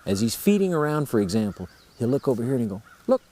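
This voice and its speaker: A man's voice: medium pitch, big pitch swings, fast talker, mellow. A man teaching turkey calls, explaining each sound step by step in a folksy, plain-spoken way. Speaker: turkey-calling instructor. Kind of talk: instructional explanation.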